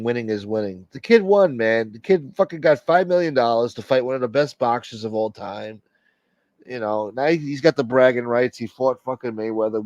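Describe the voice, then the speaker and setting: A man's voice: mid-range voice, a little mellow, dry recording, muffled recording. A man hosting a casual livestream, reading viewer comments and rambling with plenty of profanity. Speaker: livestream host reading chat. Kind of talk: casual late-night stream chat.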